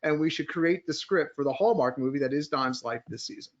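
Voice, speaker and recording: A market strategist co-hosting a podcast jokes around casually, then walks through stock charts step by step, restarting often. His voice is on the high side and brisk, heard through muffled lo-fi audio.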